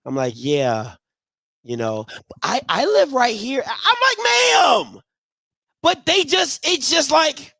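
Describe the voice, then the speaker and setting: A man with a lively, swooping voice tells stories in a casual podcast chat, mimicking the voices of the people he describes. The sound is dry and close. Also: very high voice, slow, vocal fry, no room sound. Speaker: co-host.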